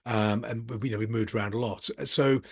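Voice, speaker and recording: Middle-aged Brummie host musing to camera, candid and self-deprecating, close dry sound. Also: male voice, fairly low pitch, fairly even intonation, fairly quick, no room sound. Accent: Birmingham. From Birmingham, England. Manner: candid, rambling, self-deprecating, with occasional chuckles. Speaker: business coach and channel host. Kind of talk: casual reflective monologue.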